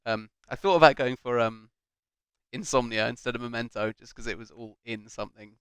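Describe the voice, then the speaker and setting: Young man, casual film chat, rambling, joking, bright tone, dry close sound. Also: medium pitch, brisk, clean tone, no room sound. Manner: joking, rambling, laughs often. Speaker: co-host.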